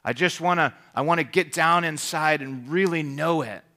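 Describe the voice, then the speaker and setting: A man's voice: a little high, normal speed, pushed and bright, pitched above the performer's own voice. A man voicing an eager young ship's lieutenant who talks earnestly and stammers a little.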